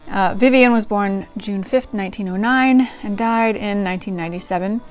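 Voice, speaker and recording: A woman's voice: medium pitch, moderate pace, soft background music. A woman hosting a diary-reading channel, talking casually to her audience in a chatty, self-deprecating way with frequent ums and restarts. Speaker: channel host reading old diaries. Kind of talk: casual chat to camera.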